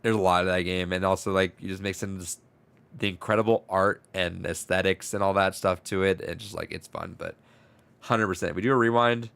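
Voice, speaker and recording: A low-voiced man with a gravelly edge, rambling through a casual podcast story. He restarts his words often and swears easily. His voice stays smooth and resonant under the grit. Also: steady tone, fairly quick, fairly bright tone, no room sound. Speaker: podcast co-host. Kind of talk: casual chat.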